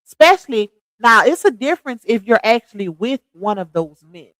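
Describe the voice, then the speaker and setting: Middle-aged woman, livestream host, sassy and quick to laugh, fairly high voice, dry close sound. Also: lively intonation, a bit bright, no echo, rough recording. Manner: sassy, laughs often, drawls slang. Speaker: livestream host reading chat comments. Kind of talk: casual live-stream gossip chat.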